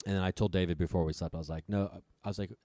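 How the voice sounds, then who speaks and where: A man's voice: low voice, fairly even intonation, very fast, dark tone, no echo. A man guest on a podcast, retelling a story with lots of swearing. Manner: profane, breathless retelling.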